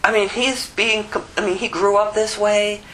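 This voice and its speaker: A man's voice: high-pitched, little pitch movement, normal speed, sharp tone, a little hiss or hum, poor audio. A man giving a casual Bible teaching, rambling with conversational asides. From Phoenix area. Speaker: preacher.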